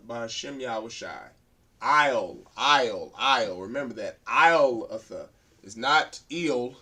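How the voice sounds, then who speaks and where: Male class instructor; unhurried, repetitive delivery, crisp and bright voice, walks students through sounds piece by piece. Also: medium pitch, a little hiss or hum. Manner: slow, repetitive, sounds out words syllable by syllable. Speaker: Hebrew language teacher. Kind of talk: classroom lesson at a whiteboard.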